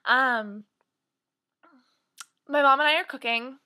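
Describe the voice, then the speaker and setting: A woman's voice: sits high, takes it slowly, sharp tone. A 19-year-old woman vlogging from home in a rambling, chatty way, full of fillers. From United States. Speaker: beauty vlogger. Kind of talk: casual chat to camera. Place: at home, near the kitchen.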